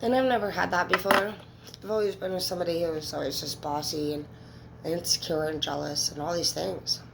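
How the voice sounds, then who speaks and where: Woman, 30s, low gravelly voice, blunt tarot-reading monologue, slight background hiss. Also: steady tone, fairly quick. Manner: candid, emotional, swears freely. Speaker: tarot reader. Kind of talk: casual monologue to viewers.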